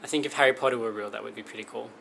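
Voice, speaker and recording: A man's voice: medium pitch, fairly even intonation, rapid-fire, creaky, pushed and bright, a little hiss or hum. Wry, joking young man vlogging. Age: 20s. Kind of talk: casual Q&A vlog.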